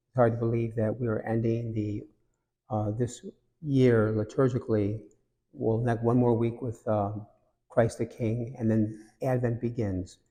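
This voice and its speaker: A male priest gives a homily in a relaxed, conversational way, mixing jokes with reflection. His voice is mellow and mid-pitched, and it rings with the long reverb of a large cathedral.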